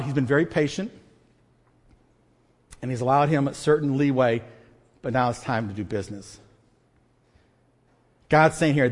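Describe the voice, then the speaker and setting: A man preaches a sermon in a church sanctuary, his slightly high voice carrying a long reverb tail. He is emphatic, swinging from loud stresses to hushed asides, with a self-deprecating humor. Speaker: pastor.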